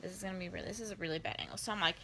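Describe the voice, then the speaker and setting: A woman's voice: lowish voice, racing, creaky, background noise. A woman telling an embarrassing story in a casual storytime vlog, rambling with lots of filler words. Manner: rambling, filler-heavy, animated retelling.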